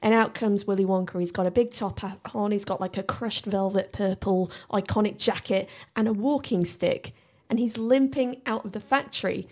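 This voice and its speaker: A woman's voice: medium pitch, normal speed. A woman co-hosting a casual podcast, telling film stories with lots of giggles. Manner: giggly, storytelling, expressive. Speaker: podcast co-host.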